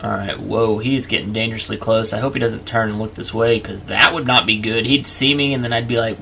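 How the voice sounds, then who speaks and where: A man's voice: fairly low pitch, fairly even intonation, a little fast, gravelly, few pauses, bright, forceful tone, slight background noise. A man hosting a let's play, chatting casually and narrating each move to the viewer. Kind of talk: casual gameplay commentary.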